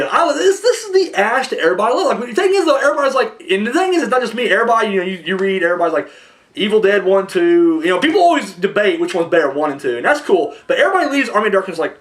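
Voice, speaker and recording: Young male podcast host, high and lively, rambling and profane, animated storyteller. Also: racing. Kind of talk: casual chat.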